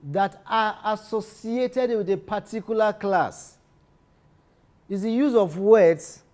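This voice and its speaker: A man lectures on literature in a slightly high voice. He repeats each key phrase and often breaks off to restart a sentence. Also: darkish tone. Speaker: literature teacher.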